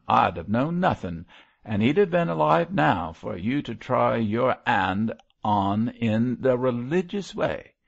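A man voicing a surly, defiant prisoner who growls his lines in rough, aitch-dropping speech. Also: fairly low pitch, full character voice. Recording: muffled lo-fi recording.

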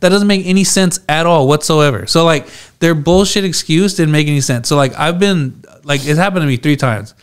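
Rambling man telling a story, smooth voice. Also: on the high side, a little fast, hardly any pauses. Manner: rambling, animated retelling with many "like"s and acted-out quotes. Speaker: podcast co-host. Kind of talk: casual storytelling chat.

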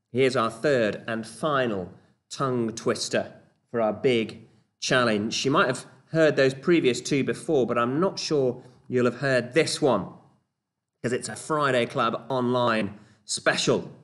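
A man's voice: mid-range voice, fairly bright tone. Playful man leading kids' club. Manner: playful, encouraging, mock-exasperated exclamations. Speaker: children's club leader. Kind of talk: online children's club presentation.

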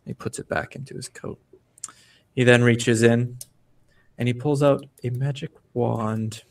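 A man's voice: medium pitch, unhurried, vocal fry, far from the mic. Man telling a tabletop adventure as game master. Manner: lively storytelling, slipping into character voices. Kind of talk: narrating a tabletop game online.

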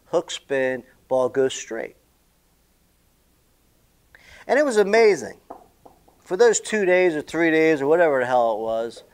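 A man tells a long golf story in a loose, rambling monologue, swearing now and then. His voice sits a little high and swings widely up and down. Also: clean tone. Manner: rambling, animated, salty. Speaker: golf vlogger.

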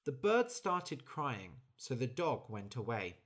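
Aimed at English learners, this children's story is read slowly, clearly and expressively, with deliberate delivery, by a storyteller whose voice sits in the mid range.

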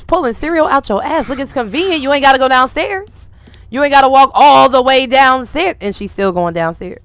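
A woman streamer giving casual, animated, slangy commentary to her viewers while playing a life-simulation game. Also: high voice, brisk. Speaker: gaming streamer.

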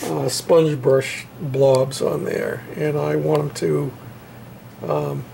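A man talks slowly in a gravelly, fairly high voice, pausing often and filling gaps with "uh" and "um". He walks through his railroad backdrop in a relaxed show-and-tell. Faint room noise sits behind him in his home workshop. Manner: unhurried, halting, with many fillers. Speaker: model railroad hobbyist showing his painted backdrop.

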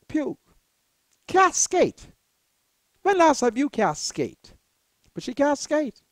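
A man with a Bahamian accent hosting a show, giving impassioned, preachy commentary that repeats phrases and bursts into shouts. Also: extremely high pitch, dry recording, studio quality. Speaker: show host.

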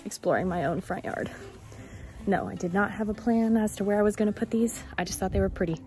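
A woman's voice: mid-range voice, brisk, music in the background. A young American woman in her twenties chatting casually at home as she gardens, bubbly, hyper and rambling. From United States. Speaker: vlogger. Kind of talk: casual chat while gardening. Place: at home, indoors and in the yard.

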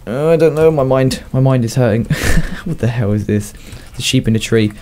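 Young southern english guy rambling over a minecraft run, mellow low-key voice. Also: brisk. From southern England. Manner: rambling, self-chatting, laughs at his own jokes. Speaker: gaming YouTuber. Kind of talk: casual Minecraft commentary.

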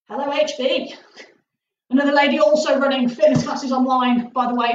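A woman's voice: high-pitched, steady tone, normal speed. A woman martial arts instructor leading a live online stretching class, chatty and upbeat with jokey asides. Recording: distant, roomy, dull with faint noise.

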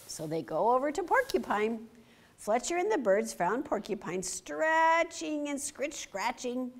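A woman reading a picture book aloud to children, animated and stopping to ask them questions. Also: high voice, unhurried. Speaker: story time reader.

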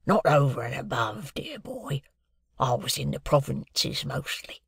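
A man reading an audiobook voices a rough old male convict who speaks in a low, guarded, rustic way. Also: lively intonation, unhurried, no room sound, studio quality, full character voice. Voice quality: hushed, coarse, old-fashioned rustic speech.

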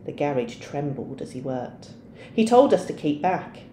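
A woman teacher reading a novel aloud in a steady storytelling voice. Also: deep voice, normal speed, echoey room, slight background noise.

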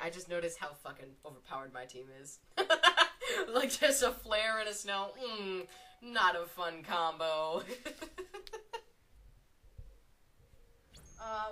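Lively, bright-voiced woman gaming. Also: mid-range voice, slight background noise. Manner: excitable, swearing, shrieks at game moments; rambling self-mocking asides between plays. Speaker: gaming video creator. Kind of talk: live gameplay commentary. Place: room at home.

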